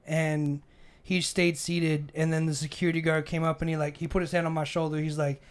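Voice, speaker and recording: A man's voice: a little high, brisk, smooth. A man in his twenties from Arizona, telling a story in a casual podcast chat and acting out the quotes as he gets heated. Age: 20s. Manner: animated, acts out the argument in quoted voices, gets heated. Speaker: podcast co-host. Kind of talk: casual storytelling over beers.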